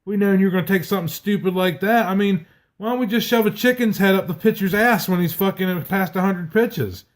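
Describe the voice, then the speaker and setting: A man's voice: sits high, brisk. A man from South Carolina ranting about baseball on a podcast, heated and swearing constantly. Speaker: podcast co-host. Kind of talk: profane sports rant.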